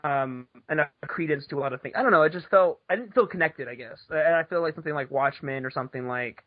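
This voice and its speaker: Fast-rambling man, dull lo-fi sound. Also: a little high, dry recording. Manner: rambling, fast, swearing, laughs often. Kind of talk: casual chat. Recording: dull lo-fi podcast audio.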